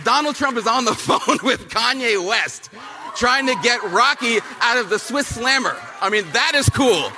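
A man giving a punchy, fiery speech at a youth summit. He repeats lines for effect and mocks people with quick impressions. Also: very high voice, lively intonation, music in the background. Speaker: speaker at a youth political summit. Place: large hall at a summit, with an audience. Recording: big hall with long reverb and a faint crowd.

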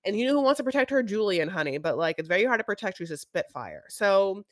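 A woman's voice: medium pitch, very animated, fast, no room sound, clean studio sound. A woman co-hosting a podcast, recapping a reality show in a chatty way, full of "like" and dramatic emphasis. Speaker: podcast co-host.

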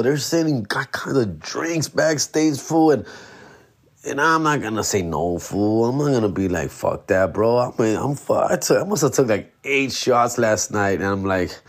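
A young adult man, a comedian hosting his podcast, telling stories in a slangy, animated way and dropping words, a bit hungover. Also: mid-range voice, a little slow, no room sound. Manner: slangy, animated, peppered with "fool" and "bro". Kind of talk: casual storytelling monologue.

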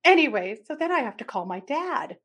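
A woman's voice: sits high, a little fast. A woman co-hosting a podcast, telling a family story in casual chat and often laughing and acting out what people said. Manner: animated storyteller, laughs often, acts out quotes. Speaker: podcast co-host.

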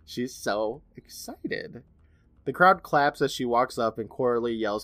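A man's voice: mid-range voice, unhurried, dry recording. A man co-hosting a podcast, retelling a TV episode in casual chat and putting on voices for the characters he quotes. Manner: animated storyteller, puts on voices for quoted characters. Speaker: podcast co-host recapping an episode.

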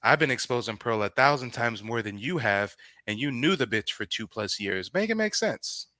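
A man's voice: on the low side, moderate pace, pushed and bright, no echo. A man with an African American accent hosting a podcast, ranting angrily and sarcastically as he reacts to clips. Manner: angry, sarcastic, profane ranting. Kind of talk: heated reaction commentary.

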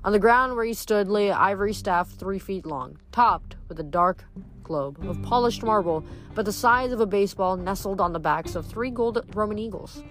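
A woman reading a novel aloud in an even narrating voice, then musing on the chapter afterward. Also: mid-range voice, moderate pace, faint music behind. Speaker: book reader.

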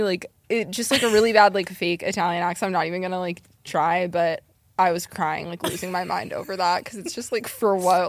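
Relaxed young woman podcast guest. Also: on the low side, a little fast. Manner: relaxed, agreeable, trailing filler-heavy phrasing. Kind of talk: casual chat.

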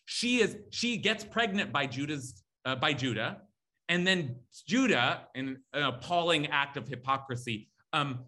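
A man's voice: a little high, animated, measured pace, bright, forceful tone. A man teaching a lecture on scripture, emphatic and repetitive, reading Hebrew words aloud and correcting himself as he goes. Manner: emphatic, repeats key words, reads Hebrew terms aloud; thinks aloud with fillers and self-corrections. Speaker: Torah teacher. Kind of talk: animated biblical lecture.

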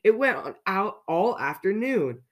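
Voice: medium pitch, sing-song, unhurried. A storyteller reading a children's picture book aloud, playfully asking young listeners questions along the way.

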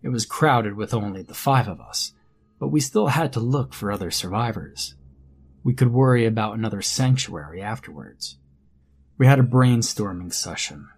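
A man narrating a first-person horror story in a measured, grim storytelling manner. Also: fairly low pitch, animated, breathy edge. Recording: faint background music under narration.

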